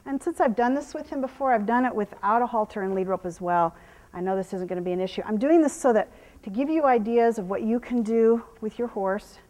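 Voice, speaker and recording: A woman with a slightly raised voice teaches horse handling as she works, talking to the viewer in plain steps. Between explanations she drops to gentle, hushed praise for the horse. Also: on the high side, fairly quick. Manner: soothing, praising the horse with soft murmurs. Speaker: horse trainer. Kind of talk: hands-on training demonstration.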